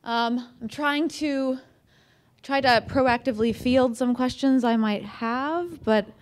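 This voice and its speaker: An American woman author gives a casual talk to an audience in a museum event room, chatty and self-deprecating, with many fillers and restarts. Her voice is high and she takes it slowly.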